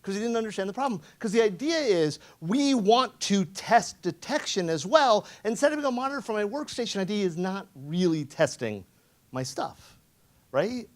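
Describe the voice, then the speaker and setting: Animated, profane male conference speaker. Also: high voice, normal speed. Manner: animated, profane, sarcastic, acts out quotes. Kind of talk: conference talk with storytelling. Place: conference room.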